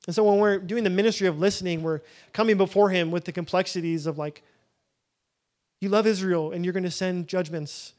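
Young man, high voice, casual prayer-room teaching, chatty with fillers and restarts, podium mic. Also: fairly even intonation, fairly quick, darkish tone. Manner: conversational, many fillers and restarts, self-deprecating laughs. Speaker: prayer leader. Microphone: podium microphone.

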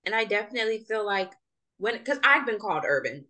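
Lively young woman in casual chat. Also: medium pitch, fast. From Jamaica. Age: young adult. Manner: animated, laughs while talking. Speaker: podcast co-host.

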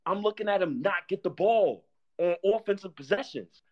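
A man's voice: sits high, animated, moderate pace, dull audio. A man hosting a fan show, ranting heatedly and profanely, repeating himself as he vents. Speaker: sports fan show host.

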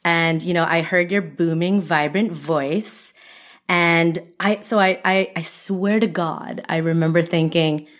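A woman's voice: fairly low pitch, steady tone, measured pace. A woman from Canada hosting a podcast interview, chatty and laughing easily as she tells a story. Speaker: podcast host. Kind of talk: conversational interview.

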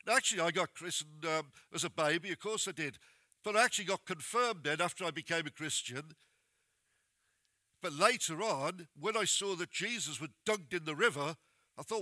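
High, bright-voiced male preacher. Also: normal speed, no room sound. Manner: plain-spoken, direct exhortation to the congregation. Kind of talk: sermon.

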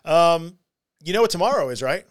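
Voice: medium pitch, expressive, a little fast. A podcast co-host and editor, joking and easygoing in casual chat.

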